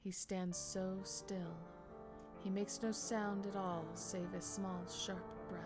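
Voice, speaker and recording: A woman streamer reading a visual novel aloud in a hushed, measured, dramatic way. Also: medium pitch, level tone, over loud music. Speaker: game streamer.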